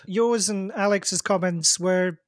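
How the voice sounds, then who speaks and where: A man with a fairly high voice teases his co-hosts in a mock-boastful way. The recording is close and dry. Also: fairly even intonation, takes it slowly, no room sound. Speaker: podcast co-host. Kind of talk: casual discussion.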